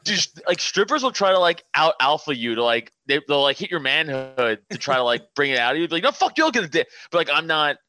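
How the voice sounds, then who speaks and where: Bright-voiced man rambling with laughs. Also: fairly high pitch, expressive, brisk, few pauses. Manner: rambling, laughing, swearing freely. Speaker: podcast co-host. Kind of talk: casual podcast chat.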